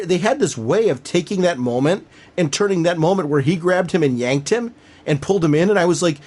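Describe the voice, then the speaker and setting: A man co-hosting a comics podcast, retelling scenes with growing excitement and acting out the characters' lines. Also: medium pitch, fairly quick. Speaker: podcast co-host. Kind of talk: casual comics discussion.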